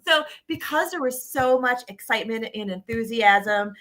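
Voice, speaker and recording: A woman's voice: a little high, normal speed, very noisy. A middle-aged woman, a shelter director, telling stories with enthusiasm in a casual interview. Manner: enthusiastic, animated storytelling.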